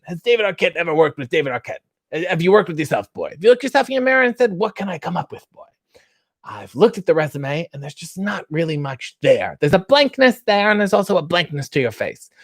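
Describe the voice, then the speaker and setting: A man's voice: high voice, a bit bright, no echo, studio quality, full character voice. A man doing an impression of a pompous, snide middle-aged male celebrity interviewer who fawns and insults in the same breath, tacking "boy" onto his questions.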